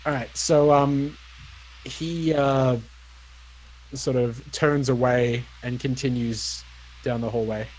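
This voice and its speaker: A young man narrating as dungeon master, relaxed and hesitant, with frequent ums and uhs. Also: medium pitch, slight background noise, poor audio. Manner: unhurried, lots of ums and uhs. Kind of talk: narrating a tabletop game.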